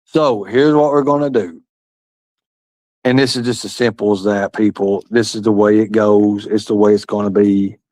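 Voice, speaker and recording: A man's voice: lowish voice, steady tone, normal speed, a little mellow, no echo. A man hosting a livestream, reading chat and talking in a rambling, profane, repetitive way. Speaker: livestream host.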